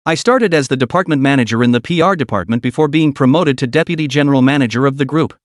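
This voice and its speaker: A man's voice: mid-range voice, fast talker, dry recording, lightly acted. A man voicing a flirtatious, scheming female deputy manager with a teasing inflection, read in a dry recording.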